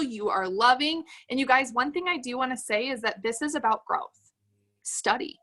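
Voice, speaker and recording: A woman's voice: fairly high pitch, fairly bright tone. A woman leading a sales team on a livestream, giving an upbeat motivational talk and reading comments from the chat aloud. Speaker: direct-sales team leader.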